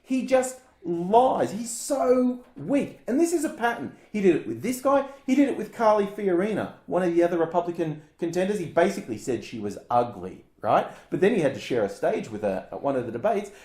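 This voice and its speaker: A man's voice: fairly high pitch, big pitch swings, fast, few pauses, a little mellow. A man co-hosting a casual political chat, ranting bluntly and sarcastically. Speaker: podcast co-host. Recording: roomy echo.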